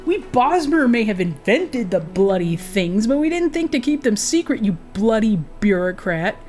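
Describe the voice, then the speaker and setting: A woman voicing a drunken, grumbling male elf boat captain who talks slowly and slurs. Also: on the high side, sing-song, a little mellow, faint music behind. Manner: slurred, slow and exasperated.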